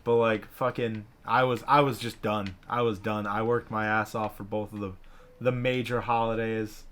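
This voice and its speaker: A man co-hosting a casual gaming chat, telling a profane, animated story and acting out the people in it. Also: on the low side, normal speed. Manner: profane, animated, acts out quoted bosses.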